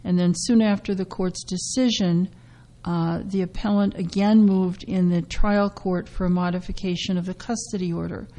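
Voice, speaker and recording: A woman hosting a radio talk show about legal news, getting over a cough and speaking haltingly with many fillers. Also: lowish voice, fairly even intonation, warm tone, rough recording. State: recovering from a cough. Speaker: radio host.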